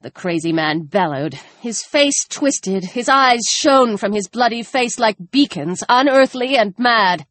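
A woman narrating a tense, dramatic novel, dropping her voice low for grim moments. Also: animated, measured pace, few pauses, a bit bright, dry recording. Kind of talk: audiobook narration.

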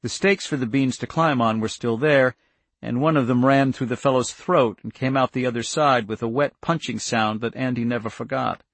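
A man's voice: mid-range voice, moderate pace, dry recording. A man narrating an audiobook in a tense, dramatic storytelling manner, close on the microphone.

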